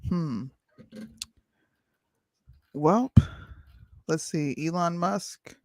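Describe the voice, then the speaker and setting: A man's voice: on the high side, very slow, dry recording. A man hosting a live stream, chatting casually with an opinionated, laughing manner.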